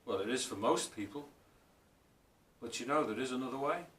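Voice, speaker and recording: A man giving a spiritual talk as author and speaker, telling stories in a reflective way and slowing down for emphasis. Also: expressive, fairly bright tone. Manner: storytelling, reflective, often slows for emphasis. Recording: roomy, distant mic, faint rumble.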